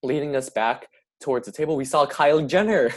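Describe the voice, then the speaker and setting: A man's voice: fairly high pitch, a little fast. Rambling young man telling a story. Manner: rambling, heavy filler "like". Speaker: podcast co-host. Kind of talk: casual storytelling.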